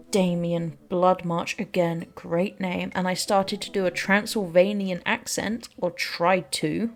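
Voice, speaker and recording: A woman's voice: on the low side, gravelly. A woman giving rambling, self-deprecating casual commentary while playing a game. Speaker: let's play host.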